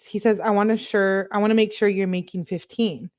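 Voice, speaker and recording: A woman's voice: medium pitch, fairly even intonation, a little fast, a little mellow, no room sound, clean studio sound. A woman hosting a casual commentary, reading text messages aloud, chatty and sarcastic, breaking into laughter often. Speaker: true crime channel host.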